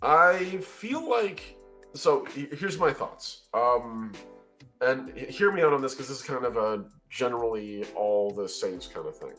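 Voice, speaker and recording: A man's voice: medium pitch, lively intonation, a little slow, bright, forceful tone, soft background music. A man chatting casually on a live stream, musing over ideas and laughing often. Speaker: co-host of a worldbuilding stream. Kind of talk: casual chat.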